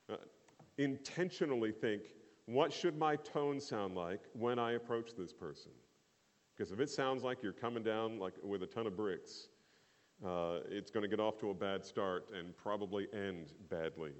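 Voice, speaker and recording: Low-voiced man preaching in a reverberant hall. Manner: conversational preaching, with fillers and repeated phrases. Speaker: pastor. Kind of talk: sermon.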